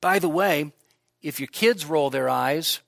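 A male pastor delivers a sermon with a bright, forceful tone set a bit high for a man. He is frank and self-mocking and drops joking asides. The sound is close and dry, with no room echo. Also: unhurried, creaky. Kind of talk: expository sermon. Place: church service.

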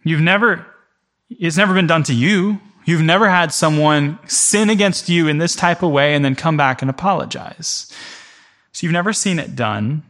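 A man's voice: on the high side, moderate pace, a bit bright. A man teaching a church class in a conversational way, telling a vivid everyday story in the second person and speaking directly to the people in the room. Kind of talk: conversational teaching before a congregation.

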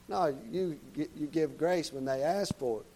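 A man's voice: a little high, normal speed, warm tone, slight background noise, rough recording. Folksy, plain-spoken male preacher. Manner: folksy, plain-spoken, tag questions to the congregation. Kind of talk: sermon.

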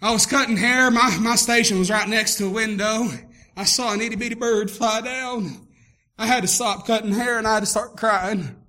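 A man preaching with a very high, sharply bright voice. He pastors with impassioned fervor, often climbing into shouts. His colors every line of the sermon. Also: fairly even intonation, normal speed. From Tennessee, US.

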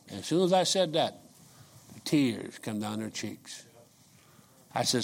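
An older man preaching a sermon, telling folksy stories and swinging from quiet asides to shouts. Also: mid-range voice, big pitch swings, unhurried, gravelly, long pauses. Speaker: pastor.

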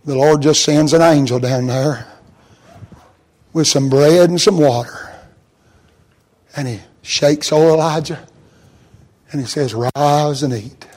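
A man preaching a sermon in a folksy, plain-spoken way, swinging from hushed storytelling to shouted emphasis. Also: fairly high pitch, slow pace, pauses often.

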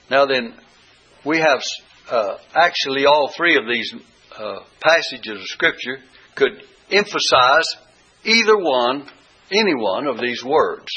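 Bible study teacher guy, repeats verses slow and stressed, kinda husky, muffled old recording. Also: medium pitch, bright, forceful tone. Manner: deliberate, repeats verses with rising emphasis. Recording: dull lo-fi recording.

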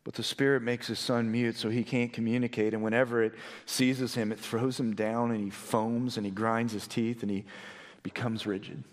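Dynamic male preacher in a reverberant hall. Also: moderate pace. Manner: swings between hushed, low storytelling and raised, excited emphasis. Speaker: pastor. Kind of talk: sermon.

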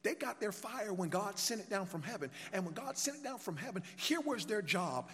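A man's voice: high voice, lively intonation, moderate pace, hardly any pauses, a bit bright. A man preaching a sermon, reading scripture aloud and calling on the congregation to answer and repeat after him. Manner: call-and-response with congregation, rhetorical questions. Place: church sanctuary. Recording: long church reverb.

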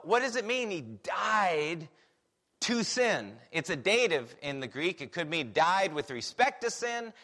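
Animated preacher man with a bright voice. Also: sits high. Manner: animated, rhetorical questioning. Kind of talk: sermon.

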